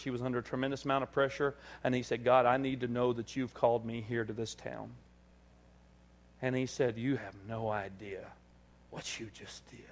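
A male pastor preaching to his congregation, telling a story with lively, acted-out dialogue. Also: medium pitch. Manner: animated storytelling, acting out dialogue. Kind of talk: sermon. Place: church service.

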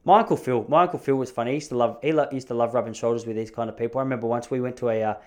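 A man's voice: mid-range voice, rapid-fire, darkish tone. An Australian man in his thirties, hosting a casual storytelling monologue, chatty and rambling with laughs between stories.

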